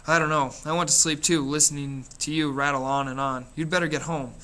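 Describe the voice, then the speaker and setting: A man voicing a quiet, gentle teenage boy who talks softly and reassuringly, in a storybook reading. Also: fairly high pitch, steady tone, a little fast. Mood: sleepy. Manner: soft, reassuring.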